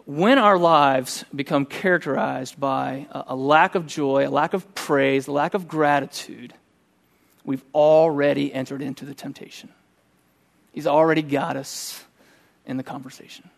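A middle-aged man preaching a sermon, telling a personal story in a conversational, animated way. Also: a little high, unhurried, gravelly. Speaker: pastor.

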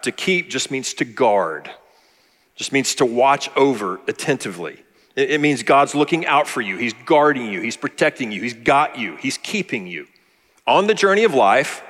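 A man's voice: mid-range voice, a bit bright, long reverb tail. A male pastor preaching a sermon in a conversational, thinking-aloud way, sometimes repeating words as he goes.

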